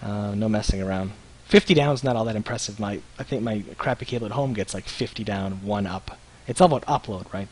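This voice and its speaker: A man's voice: on the low side, brisk, hardly any pauses, darkish tone, slight background noise. A man hosting a casual live stream, laid-back and swearing casually. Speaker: host.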